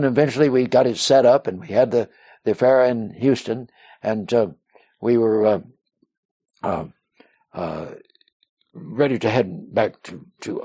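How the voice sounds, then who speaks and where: An interview guest with a mellow, warm, medium-pitched voice tells a personal story, rambling and circling back with frequent restarts and "uh"s. He slips into other people's voices when quoting them. The recording is close and dry, with no room sound.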